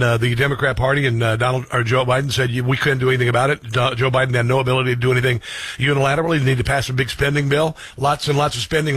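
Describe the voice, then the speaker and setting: Blunt, husky-voiced male talk host. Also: mid-range voice, a bit bright, no room sound. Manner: blunt, combative, reads headlines then riffs with asides. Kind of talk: opinionated talk radio commentary.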